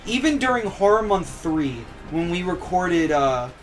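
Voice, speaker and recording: A man's voice: high-pitched, big pitch swings, measured pace. A young man chatting casually as a guest on a gaming podcast, stating his opinions in a matter-of-fact way.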